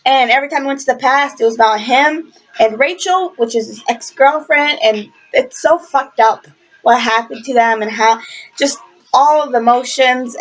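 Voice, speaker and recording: A young woman casually reviewing a book in a vlog, gushing and rambling with lots of fillers, passionate and swearing freely. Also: fairly high pitch. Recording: lo-fi webcam audio.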